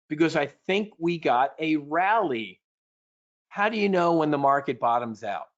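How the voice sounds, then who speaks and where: A man leading a live trading webinar as an options instructor, energetic and punchy, breaking into shrill mock panic now and then. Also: lo-fi sound.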